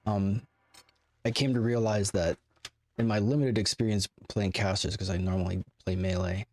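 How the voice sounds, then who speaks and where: Low-voiced chatty streamer man. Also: steady tone, normal speed, a little mellow. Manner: rambling, chatty, full of fillers and asides to chat. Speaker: game streamer. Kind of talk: casual live-stream commentary.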